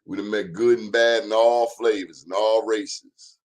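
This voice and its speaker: A man's voice: lowish voice, steady tone, a little slow. A man hosting a talk show, giving a blunt, sermon-like monologue in plain, emphatic speech. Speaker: show host.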